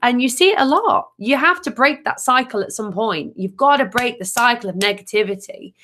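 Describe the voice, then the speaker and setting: A woman's voice: on the high side, expressive, fairly quick, bright, forceful tone, a little hiss or hum. Woman, tarot reader, live stream host, casual chat, upbeat, chatty, restarts often. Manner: upbeat, chatty, often restarts and reads viewer comments aloud.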